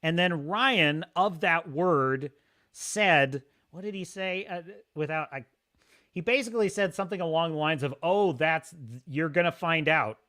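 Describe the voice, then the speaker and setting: A man hosting a casual livestream, rambling excitably and reading chat messages aloud. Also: fairly high pitch. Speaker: livestream host.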